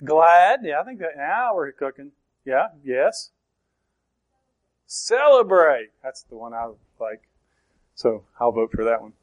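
A man preaching a sermon, slow and emphatic, asking the congregation questions as he explains a verse. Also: a little high, very animated. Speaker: pastor.

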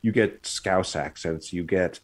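A man's voice: low-pitched, a little slow. A man co-hosting a casual chat on a video call, explaining with many fillers and restarts. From United States. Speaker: podcast co-host.

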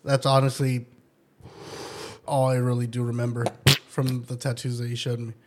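A man's voice: mid-range voice, level tone, moderate pace, a little mellow. A young man co-hosting a casual chat, laid-back, often stammering and restarting his sentences.

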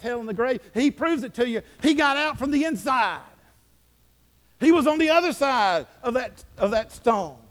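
A man preaching a sermon fervently, his voice rising and falling in pitch and loudness. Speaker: pastor.

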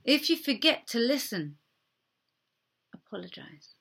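A woman preacher giving a sermon in an earnest, gentle way, often dropping to a soft near-whisper for emphasis. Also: a little high, very animated, measured pace, vocal fry, breathy edge.

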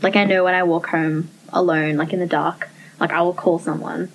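A woman's voice: lowish voice, flat delivery, normal speed, vocal fry, a little hiss or hum, rough recording. A young woman in casual conversation, lacing her speech with "like" as she thinks aloud. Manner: peppers speech with "like", thoughtful. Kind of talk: casual chat.

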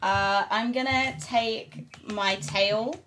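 A woman's voice: fairly high pitch, fairly even intonation, very slow, a bit bright, faint music behind. A woman playing a tabletop game, casual and playful as she describes her character's actions. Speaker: player.

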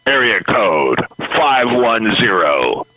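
A man reading a recorded hotline promo in a slow, emphatic announcer voice. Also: on the low side, big pitch swings, pushed and bright, dry recording.

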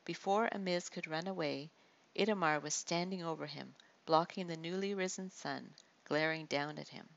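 Gravelly low-voiced woman narrating a story. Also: moderate pace, lo-fi sound. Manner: steady storytelling with small slips. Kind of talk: audiobook narration.

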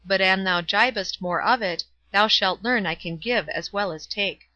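A loud, blustering friar, burly and quick to quarrel, as a woman reads him aloud in an audiobook. The voice is bright and sharp, the sound dry and a little dull. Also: mid-range voice, no echo, close to an everyday voice.

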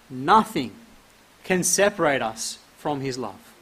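Male preacher, high-pitched, emphatic sermon delivery, reads verses aloud. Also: expressive, measured pace, a bit bright, slightly rough. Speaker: pastor.

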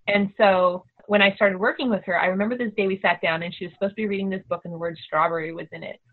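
A middle-aged homeschooling mother telling a story in a casual, animated way, acting out the voices of the people she quotes. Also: mid-range voice, fast talker. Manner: animated, acts out quoted dialogue. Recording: tinny phone-like audio.

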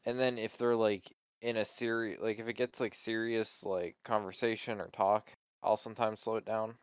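A man's voice: on the low side, level tone, moderate pace, clear, resonant tone, no echo, studio quality. A young man co-hosting a casual chat, talking loosely with lots of fillers and swearing. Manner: loose, swears often, trailing filler words. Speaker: podcast co-host.

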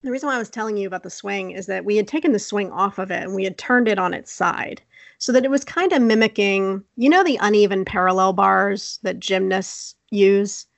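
A young woman casually telling a childhood story on a podcast, animated and laughing often. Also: medium pitch, a little fast, creaky, no echo. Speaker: podcast co-host.

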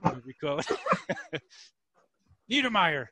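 A man's voice: on the high side, drawn-out words, background noise. A man on a casual podcast telling a long story, acting out the people in it with changing voices. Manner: animated, acts out characters in voices. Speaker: podcast co-host.

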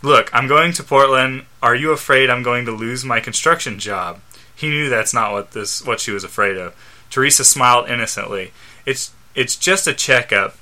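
A man on a casual podcast reading fan fiction aloud, halting and stumbling over lines and laughing at the text. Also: mid-range voice, bright, forceful tone. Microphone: studio microphone.

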